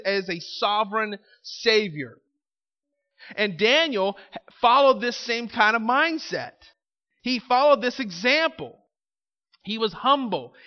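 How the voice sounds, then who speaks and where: A male pastor preaching a sermon in a high voice. He speaks emphatically and keeps throwing rhetorical questions to the congregation. The recording is slightly muffled. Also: long reverb tail. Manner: emphatic, asks rhetorical questions, calls out "Amen?".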